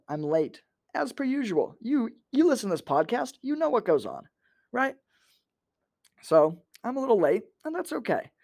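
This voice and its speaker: A man's voice: on the high side, darkish tone, no room sound, clean studio sound. A young man hosting a podcast, telling a crude, self-deprecating comedy story in a casual way. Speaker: podcast host.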